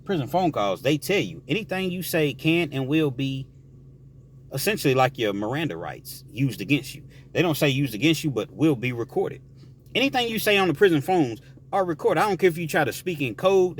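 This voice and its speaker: A man casually telling a prison story, animated and explaining things directly to the listener. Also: mid-range voice, fairly quick, a little hiss or hum.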